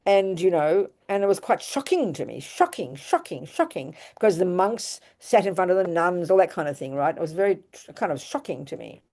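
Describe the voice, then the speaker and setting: Emphatic older Australian nun teaching. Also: female voice, fairly low pitch, fairly quick, hardly any pauses. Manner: animated, emphatic, repeats and restarts phrases. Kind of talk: dharma talk.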